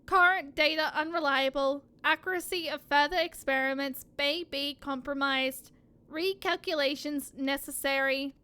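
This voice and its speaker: A woman doing a flat robotic battle machine. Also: high-pitched, moderate pace. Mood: clinical. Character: cold calculating combat machine, analytical, emotionless. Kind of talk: reading game dialogue aloud in a robot voice.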